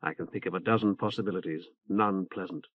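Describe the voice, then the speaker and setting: A man voicing a calm young male leader who speaks in a measured way. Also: low voice, dry recording, pitched below the performer's own voice. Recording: tinny phone-like band.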